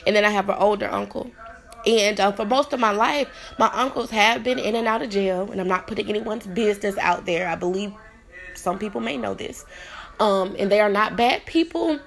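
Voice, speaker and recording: A woman in her thirties talks straight to her listeners on her own podcast, earnest and heartfelt. Her voice sits at an ordinary middle pitch for a woman, and she delivers her encouragement with open sincerity. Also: moderate pace, vocal fry. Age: 30s. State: tearful at times. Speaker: podcast host. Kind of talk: motivational solo podcast talk.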